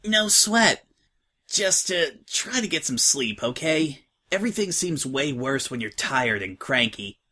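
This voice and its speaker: A man's voice: mid-range voice, sing-song, unhurried, bright, forceful tone, husky, heavily acted. A man doing a brash, tough young filly. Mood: teasing. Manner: blunt, slangy, offhand. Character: brash, tough young filly, slangy orphan-home veteran.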